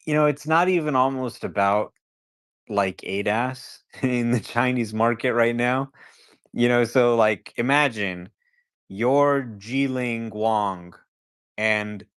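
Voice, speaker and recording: A man speaking as a guest analyst in a casual podcast discussion, conversational and turning animated when he acts out a scenario. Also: mid-range voice, slow pace, clean tone.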